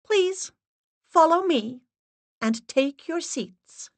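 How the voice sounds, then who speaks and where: A woman's voice: extremely high pitch, extremely slow, dry recording, pitched above the performer's own voice, heavily acted. A woman putting on a stern, intoning medium's assistant. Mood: stern commanding. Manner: intoning steady monotone, formal. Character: solemn female medium's assistant, stern and commanding.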